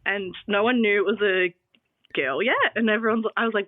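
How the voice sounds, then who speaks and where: A woman's voice: mid-range voice, brisk, dry recording. A woman, telling her birth story in a casual podcast interview, full of fillers. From Australia. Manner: chatty, many fillers like "um" and "like". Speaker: guest sharing birth story. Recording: dry, phone-like sound.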